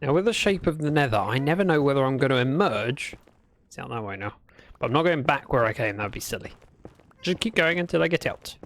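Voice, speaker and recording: A man's voice: medium pitch, animated, fast talker, fairly bright tone, a little hiss or hum. A man chatting through a gameplay livestream, talking to himself and greeting viewers. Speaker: streamer. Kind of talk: casual gameplay livestream commentary.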